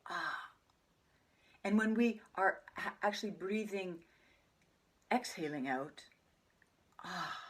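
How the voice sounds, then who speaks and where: A woman teaching a meditation practice, speaking softly and calmly, often sinking to a breathy near-whisper. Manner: soft, calm delivery that drops into breathy near-whispers; chants mantras in a low murmur. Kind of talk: spoken meditation teaching to camera.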